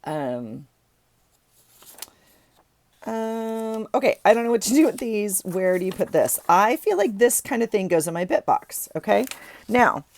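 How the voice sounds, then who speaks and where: Sorting journaling supplies at her desk, a woman vlogger talks in a mid-range, creaky voice that swings widely in pitch. She speaks a little slowly with long pauses, rambling chattily and fixing her own words along the way.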